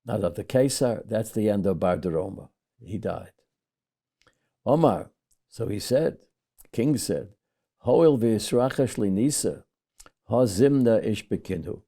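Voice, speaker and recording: Gravelly older rabbi teaching Talmud. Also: male voice, fairly low pitch. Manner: reads Aramaic then paraphrases in English, animated storytelling. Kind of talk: Talmud lesson with translation.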